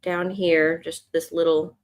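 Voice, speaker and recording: Low-voiced woman chatting while sketching. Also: flat delivery, takes it slowly. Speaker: art teacher hosting a live sketch session. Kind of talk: casual live drawing stream.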